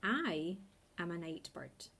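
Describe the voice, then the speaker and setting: A woman's voice: on the low side, expressive, slow, slightly rough, full character voice. Woman doing a weary, firm mother owl. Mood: motherly. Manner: gentle but firm, motherly. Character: tired, patient mother barn owl.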